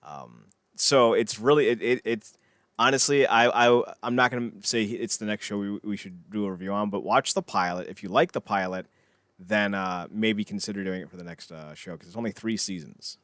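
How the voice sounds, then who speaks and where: Low-ish guy rambling on a podcast, swears a lot, dry close sound. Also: normal speed, a bit bright, no echo. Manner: rambling, profane, trails off and mumbles. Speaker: podcast co-host. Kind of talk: casual podcast chat.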